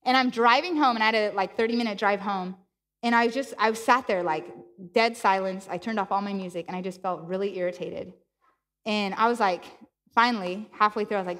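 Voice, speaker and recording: A woman's voice: mid-range voice, a little fast, a bit bright, in a large hall. A woman preaching a sermon, telling a personal story with laughter and acted-out dialogue. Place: church.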